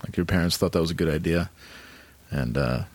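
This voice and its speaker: Deep-voiced laid-back man chatting. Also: brisk. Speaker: podcast co-host. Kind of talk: casual chat.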